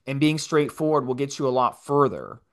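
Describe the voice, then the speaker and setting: A man's voice: medium pitch, expressive, normal speed. A man in his forties telling a rambling, profane story in casual podcast chat. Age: 40s. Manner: profane, rambling, repeats himself. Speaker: podcast co-host.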